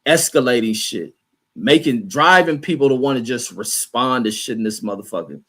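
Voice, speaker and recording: A man hosting a livestream reads chat comments aloud and answers them in a heated rant that's profane, combative and mocking. His mid-range voice is expressive and fairly bright, at a normal speed.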